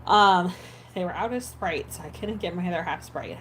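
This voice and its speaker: Rambling low-voiced woman, casual chat. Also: moderate pace, slight background noise, low-quality recording. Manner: rambling, many fillers and restarts. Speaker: ASMR creator. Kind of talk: casual chat while editing.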